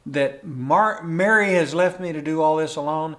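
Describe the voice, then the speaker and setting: A man's voice: fairly high pitch, normal speed, fairly bright tone, natural voice. A man voicing a bossy, indignant grown woman who complains in a nasal whine.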